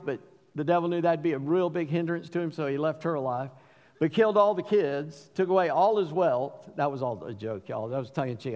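A man preaching a sermon as pastor, earnest, dropping to a hush on key lines and rising when he pleads. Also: on the high side. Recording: long hall reverb.

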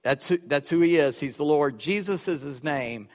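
A man with a fairly high voice preaches a sermon in a church. He swings from loud, emphatic lines to quiet, wry asides, and the sound rings out with the long reverb of a large sanctuary. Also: moderate pace. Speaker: pastor. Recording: echoey hall with long reverb.

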